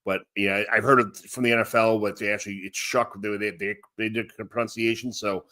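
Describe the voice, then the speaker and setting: A man co-hosting a casual sports podcast, reading through lists in a relaxed way with fillers. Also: on the low side, a little fast. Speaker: podcast co-host.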